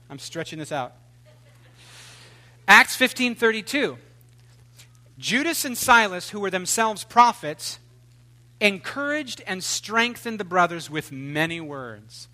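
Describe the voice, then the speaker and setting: A man preaching a sermon in an animated, joking way, swinging between loud outbursts and hushed asides. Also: high-pitched. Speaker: pastor.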